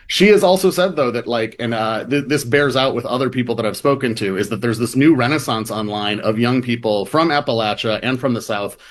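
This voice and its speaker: A man's voice: medium pitch, fairly quick, few pauses. Chatty man with a mid-range voice. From American Midwest. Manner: casual, many fillers and hedges like "like" and "um". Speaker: reporter guest. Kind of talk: conversational interview.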